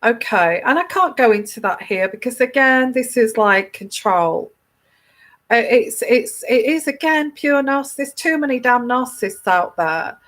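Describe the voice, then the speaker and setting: A woman's voice: a little high, lively intonation, a little slow, a bit bright. A woman tarot reader giving casual advice to a viewer, emphatic, often repeating herself and restarting her sentences.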